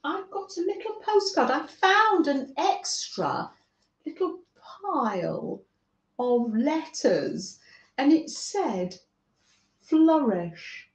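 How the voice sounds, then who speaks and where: A woman from northern England who hosts a craft livestream, chatting gently with viewers by name and often laughing as she works. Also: sits high, sing-song, very slow. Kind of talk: casual chat with live viewers while crafting. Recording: echoey room, dull lo-fi sound.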